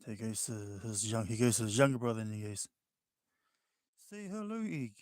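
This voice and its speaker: A man's voice: fairly low pitch, little pitch movement, very fast, darkish tone, no room sound, studio quality. A man with a New Zealand accent chatting casually while he draws, laid-back and talkative, calling his listeners bro. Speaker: livestreaming artist. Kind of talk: casual chat while drawing.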